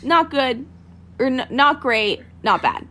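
A woman co-hosting a casual recap podcast, retelling scenes and acting out the quotes in a hushed voice. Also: sits high, takes it slowly. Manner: animated retelling, acts out quotes, drops to a hush. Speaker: podcast co-host.

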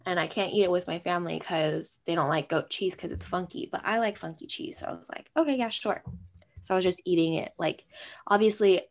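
A young woman co-hosting a casual chat, telling stories and acting out quotes with animated, rising energy. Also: lowish voice, brisk. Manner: animated, acts out her dad and herself in quotes. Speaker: podcast co-host.

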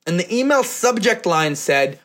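A man telling a personal story to an audience, animated and acting out the voices of people in it. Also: high voice, measured pace. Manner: animated, acts out voices in quotes, laughs often.

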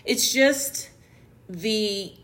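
A woman's voice: mid-range voice, extremely slow, a bit bright. A woman from New York hosting a solo podcast, talking earnestly and explaining her views, with restarts and fillers. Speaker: podcast host. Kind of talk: casual solo podcast monologue.

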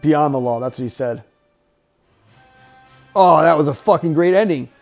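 A man's voice: fairly high pitch, moderate pace, faint music behind. A man hosting a podcast, giving casual, wisecracking, profanity-laden commentary while watching a movie. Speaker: podcast host. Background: faint film soundtrack.

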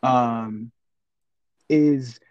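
In a mid-range voice and at an extremely slow pace, a male teacher chats on a casual podcast. The recording has no echo and its highs are cut off. He's an animated storyteller who acts out classroom exchanges.

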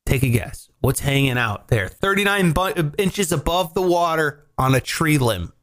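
A man with a higher-pitched voice speaks at a moderate pace, hosting a casual comedy talk show. He works as a morning show host and tells stories with lots of energy, an animated storyteller who swears freely.

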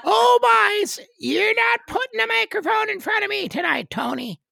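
Brief: loud, high-pitched old Newfoundland codger, hollering and boisterous. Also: male voice, expressive, moderate pace, gravelly, no echo, studio quality, full character voice. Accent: put-on Newfoundland. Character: rowdy old rural Newfoundland man, boisterous.

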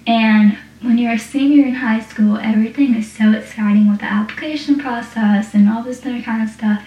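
A woman with a slightly high voice rambles through a TV episode recap, filling her talk with "like." She sounds a little far from the mic in an echoey room. The sound is somewhat dull. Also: mellow. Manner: rambling, heavy use of "like".

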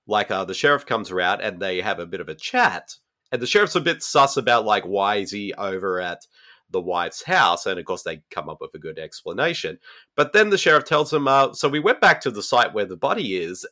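A man hosts a casual horror podcast, recapping stories with eager, enthusiastic energy. His voice is bright and his pitch jumps around a lot as he talks. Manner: animated, enthusiastic retelling with fillers. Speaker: podcast host.

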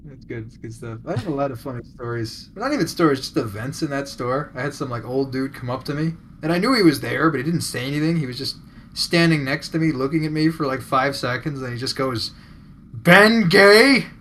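A man's voice: mid-range voice, fast talker, a bit bright, a little hiss or hum, rough recording. A man, a podcast co-host, telling stories with dry self-deprecating humor in casual chat.

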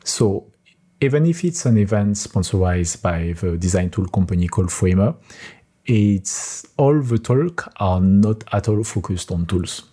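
Low husky man with a French accent. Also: expressive, measured pace. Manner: rambling, searching for words, laughs softly. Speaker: podcast co-host. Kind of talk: casual chat.

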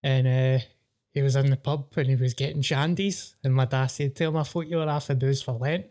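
A man's voice: medium pitch, fairly even intonation, brisk, darkish tone. A Scottish man in casual podcast chat, telling candid, sweary, jokey stories.

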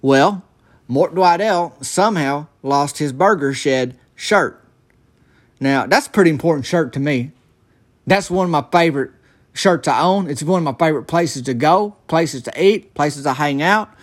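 A young man telling a rambling comic story in a folksy, halting way, full of restarts. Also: on the high side, animated.

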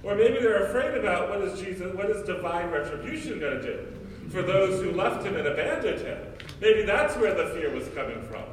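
A man's voice: sits high, animated, brisk, a little hiss or hum. A male priest giving a sermon, preaching emphatically with repeated rhetorical questions. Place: church. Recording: echoey church from far off.

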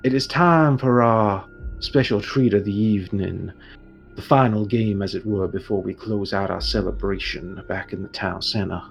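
Rousing town priest, slow and gravelly, as a game master puts him on. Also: male voice, lowish voice, faint music behind. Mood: welcoming. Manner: slow, measured preacher's address. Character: rousing middle-aged male town priest.

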